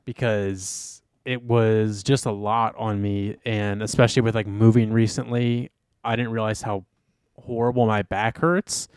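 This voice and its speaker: A man's voice: fairly low pitch, flat delivery, unhurried, darkish tone, smooth, no room sound, clean studio sound. A tired man co-hosting a podcast in casual chat, rambling with fillers and restarts. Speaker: podcast co-host.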